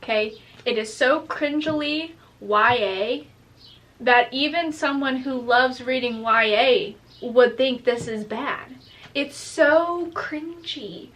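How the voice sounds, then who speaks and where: A woman's voice: a little high, takes it slowly, fairly bright tone. A woman co-hosting a casual book review chat, ranting in exasperation and mocking the characters she quotes. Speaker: book vlogger co-host.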